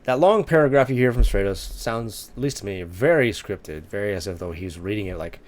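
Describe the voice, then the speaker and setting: A man's voice: lowish voice, expressive, a little fast. Chatty, self-mocking young man. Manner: self-mocking, chatty, many fillers and restarts. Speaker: writing vlogger. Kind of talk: casual commentary reading his old manuscript.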